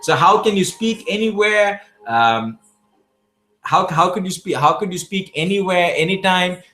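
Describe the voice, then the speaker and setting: A South Asian man, a public speaking champion, answers viewer questions in a live Q&A with emphatic coaching advice, often restarting his words. His voice sits high and sounds animated, unhurried, pushed and bright. Soft music plays in the background.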